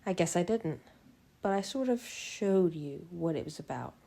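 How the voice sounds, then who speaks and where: A woman's voice: lowish voice, lively intonation, moderate pace, vocal fry, dark tone. A woman reading as a timid young newlywed woman. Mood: sheepish.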